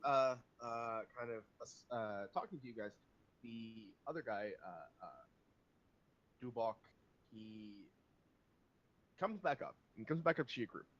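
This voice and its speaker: Halting male game master, lo-fi audio. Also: medium pitch, expressive, a bit bright. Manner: hesitant, many fillers. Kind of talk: narrating a tabletop game. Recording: dull lo-fi recording.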